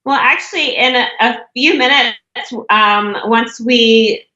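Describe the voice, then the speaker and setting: A woman's voice: a little high, slow pace, pushed and bright. A woman guest on a podcast, chatting with enthusiasm and plenty of fillers. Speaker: podcast guest, stroke survivor. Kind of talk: casual chat. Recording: roomy, dull lo-fi sound.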